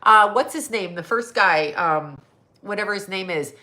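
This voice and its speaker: A middle-aged woman, a psychic and astrologer, chatting on a livestream in a hoarse, scratchy voice, mocking and sarcastic, laughing often and swearing. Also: medium pitch, lively intonation, moderate pace, pushed and bright. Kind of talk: casual livestream chat.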